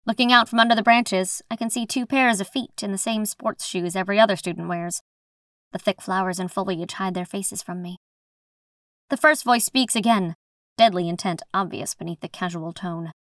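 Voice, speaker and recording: Here a young woman narrates an audiobook, delivering first-person scripted text in a calm, even storytelling voice of medium pitch. It's a dry, studio-quality recording.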